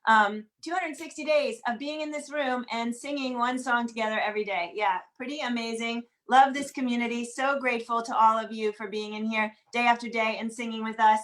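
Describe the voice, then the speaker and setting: Upbeat high-voiced woman hosting a video call. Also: steady tone, a bit bright. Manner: upbeat, quick roll-call greetings. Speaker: host of an online group singalong. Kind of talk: casual welcome and announcements.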